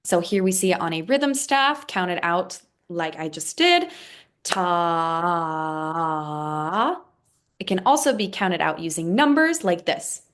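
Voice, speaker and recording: A woman's voice: medium pitch, very animated, normal speed, few pauses. A woman teaching a beginner music lesson, patiently explaining and counting rhythms aloud. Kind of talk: instructional explainer video.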